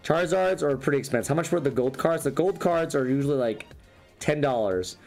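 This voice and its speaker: Opening trading card packs on YouTube, this man rambles through every card and often restarts his sentences, his voice failing him. It sits on the high side, creaky with a darkish tone, animated and fairly quick, with faint music in the background.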